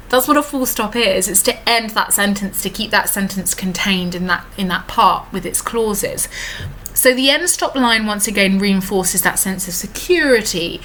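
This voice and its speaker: A woman teaching a poem in a recorded lesson, voice at an ordinary middle pitch. She works through the lines step by step, slows down to read verses aloud and leans on fillers as she thinks. A faint hiss runs under the recording. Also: bright, forceful tone. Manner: explains step by step, many fillers, reads lines slowly.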